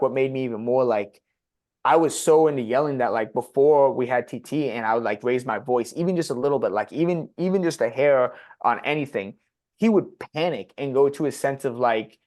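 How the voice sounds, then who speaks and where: Young male podcast guest, confessional and unpolished, swears freely, mid-pitched voice. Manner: blunt and profane, heavy use of "like". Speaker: podcast guest sharing his story. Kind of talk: candid personal storytelling.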